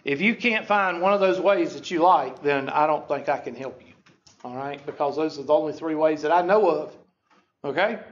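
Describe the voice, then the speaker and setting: A man's voice: on the high side, moderate pace. A man teaching a statistics class, chatty and self-deprecating, often checking in with "okay?". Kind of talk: classroom lecture. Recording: dull lo-fi lecture recording.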